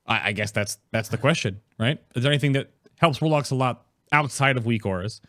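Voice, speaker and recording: A man hosting a casual gaming podcast, reading chat aloud, laughing often and reacting in an animated way. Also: mid-range voice, fairly quick, no room sound, studio quality. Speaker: podcast host.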